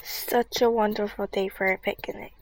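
A woman reading a first-person children's adventure story in a soft, half-whispered voice. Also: medium pitch, steady tone, normal speed, rough recording. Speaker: story reader.

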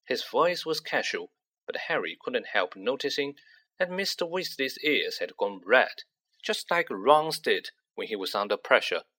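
Brief: animated audiobook narrator, bright voice, lively pitch, voices every character. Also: a little slow. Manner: expressive, acts out each character. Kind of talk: storybook reading.

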